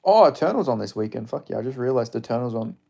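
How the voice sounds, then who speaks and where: A young man with a gravelly voice, reacting live to a fight broadcast. His tone sits in a middle register. He talks in a chatty, excitable way and swears freely as he follows the action. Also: medium pitch, quick pace. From Australia. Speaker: streamer. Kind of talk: live fight watch-along commentary.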